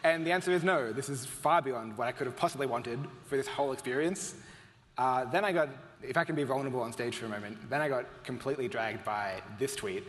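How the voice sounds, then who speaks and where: A man's voice: mid-range voice, fast talker, fairly bright tone. A man telling stories to a conference crowd in a self-mocking, rambling way, full of fillers. His voice rings out with the long reverb of a big hall, and a faint hiss sits underneath. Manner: self-deprecating, rambling with many "like"s and chuckles. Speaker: conference speaker. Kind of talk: comedic conference talk. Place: stage in a large hall.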